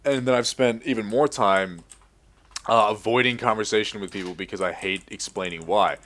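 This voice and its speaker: A young Australian man with a mostly American-sounding accent, chatting casually and sweary over gameplay, now and then shouting excitedly at the game. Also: lowish voice, moderate pace. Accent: American-sounding with bits of Australian. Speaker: gaming video host.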